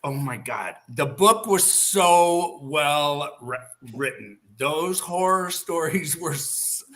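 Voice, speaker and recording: Man, host, live video chat, rambling, lots of fillers, bright slightly high voice. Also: slow pace. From Northern California. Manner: animated, rambling with many fillers. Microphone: video call.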